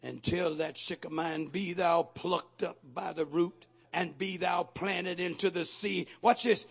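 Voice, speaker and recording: A man preaching a sermon to his congregation, repeating phrases, asking the crowd questions and shouting out lines. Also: sits high, steady tone, a little slow, vocal fry, hardly any pauses, husky. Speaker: pastor.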